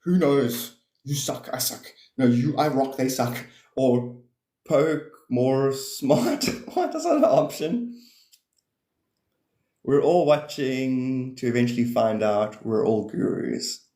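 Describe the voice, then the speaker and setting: Man, livestream chat, rambling and profane, laughs a lot, warm dark tone, roomy echo. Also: medium pitch, steady tone, takes it slowly. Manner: rambling, swears freely, laughs often. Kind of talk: casual livestream chat on spirituality.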